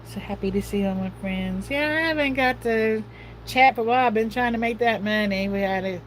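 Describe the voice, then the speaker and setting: A woman's voice: on the high side, brisk, a little hiss or hum, low-quality recording. A middle-aged woman hosting a casual livestream, talking in a chatty, folksy, rambling way. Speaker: livestream host.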